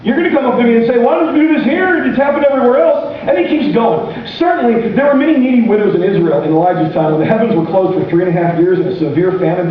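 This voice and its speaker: A man delivers a lively sermon, his high voice swinging widely as he acts out quoted speech. The sound is captured from far off in a very echoey church hall. The recording is muffled, with faint noise underneath. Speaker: pastor. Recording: distant, muffled room mic with faint noise.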